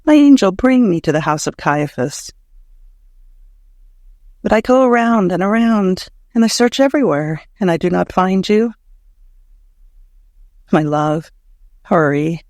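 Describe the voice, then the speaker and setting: Male narrator with a high voice for a devotional audiobook, prayerful and emotional. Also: expressive, measured pace, long pauses, darkish tone, no echo, studio quality.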